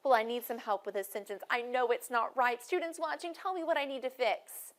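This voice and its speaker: A woman's voice: on the high side, a little fast. A woman teaching a phonics lesson, encouraging students and asking them questions by name.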